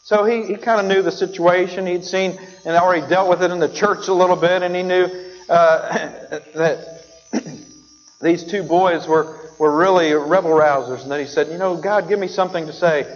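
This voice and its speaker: A man gives a sermon as pastor, telling a story and voicing its characters along the way. His voice sits high, and the sound is dull, with a long reverb from the church hall. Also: fairly even intonation, normal speed. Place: church sanctuary.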